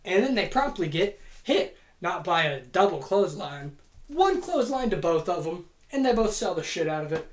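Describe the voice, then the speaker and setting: In an echoey room at home, a podcast host with a low, sing-song voice talks at normal speed. She offers a playful, foul-mouthed story as a casual fantasy-booking monologue.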